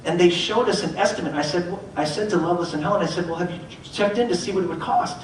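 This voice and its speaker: Motivational speaker, man, middle-aged, lively storyteller doing voices; roomy hall sound, faint hum behind. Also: sits high, fast talker. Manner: animated, acts out voices in his stories. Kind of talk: storytelling talk. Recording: echoey hall, mic from far off.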